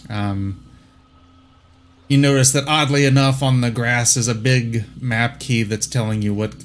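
A man running a tabletop game as game master, narrating in a relaxed way with many ums and restarts. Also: medium pitch, a little slow.

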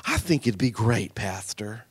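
A man preaching a sermon in a church, dropping to a hushed, intimate voice and then rising to shouted emphasis, often calling out to the congregation for a response. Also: fairly low pitch, sing-song, a little slow, slightly rough. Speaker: pastor. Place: church sanctuary.

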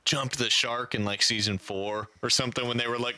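Man with a very sharp, bright voice. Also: medium pitch, steady tone, fairly quick. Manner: questioning, wry, opinionated. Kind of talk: casual chat.

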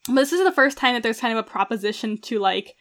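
A woman's voice: fairly high pitch, lively intonation, fast talker, fairly bright tone. A woman co-hosting a casual chat, talking earnestly about a story with many fillers. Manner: earnest, many "like" fillers, laughs through heavy feelings. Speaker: podcast co-host.

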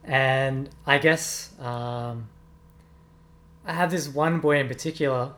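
Slow and steady in tone, this young male music teacher answers interview questions earnestly and reflectively, often saying um and correcting himself. His mid-range voice has a fairly bright quality.

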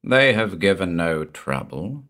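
A man voicing a cruel, arrogant male villain in a devil mask, speaking in a harsh, cold, commanding monotone. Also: sits low, unhurried, exaggerated voice. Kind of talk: audiobook character voice.

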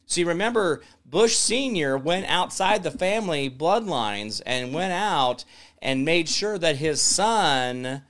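A man's voice: a little high, animated, takes it slowly, a bit bright. Rambling, sarcastic male talk host. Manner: rambling, sarcastic, reads chat comments aloud. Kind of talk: casual political commentary livestream.

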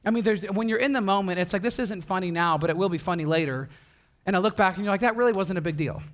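A young man from Wisconsin, a pastor, talks fast in a high voice as he preaches a casual sermon. He tells stories animatedly, laughing and imitating the voices of the people involved.

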